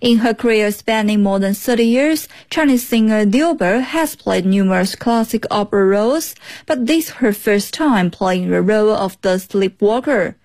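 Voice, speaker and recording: A woman news reporter reading a scripted report in an even, clear delivery. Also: mid-range voice, normal speed, few pauses.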